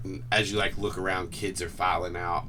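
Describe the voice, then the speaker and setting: A man narrating a tabletop game as game master, relaxed and hesitant, recorded on a distant mic with faint noise. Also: low-pitched, brisk. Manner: laid-back, hesitant narration with fillers.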